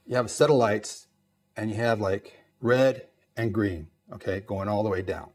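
A man's voice: lowish voice, moderate pace. A man from East Los Angeles, a Navy veteran, telling stories in an interview and acting out the dialogue. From East Los Angeles, USA. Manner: animated storyteller, acts out dialogue, lots of "you know". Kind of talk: storytelling interview.

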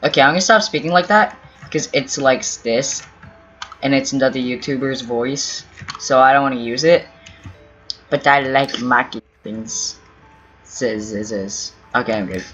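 Over his own gameplay, a male gaming YouTuber chats in a rambling way at a moderate pace, his mid-range voice a bit bright and slightly rough. He talks to himself, pleads with other players, and teases them, while keyboard typing and faint game music sit behind the dull, lo-fi audio.

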